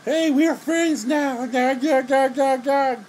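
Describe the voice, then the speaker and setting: A meek, simple-minded young man whines in a voice pushed way up high and thin, as a man puts him on. The tone sounds odd and unlike the speaker's own, childish and pleading. Faint air-conditioner hum sits in the background. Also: takes it slowly, a little mellow. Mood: eager.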